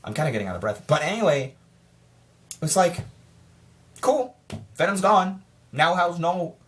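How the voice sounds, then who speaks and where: Rambling, excitable film reviewer. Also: medium pitch, a little slow. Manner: rambling and excitable, with frequent restarts and stammered repeats; frustrated, rhetorical, asks itself questions. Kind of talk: casual spoiler review vlog.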